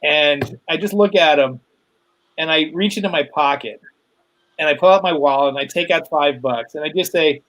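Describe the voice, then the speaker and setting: A middle-aged man with a slightly high voice tells loose, rambling stories as a guest. He talks through a video call, full of fillers and little laughs. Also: normal speed, a bit bright, rough recording. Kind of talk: casual storytelling chat.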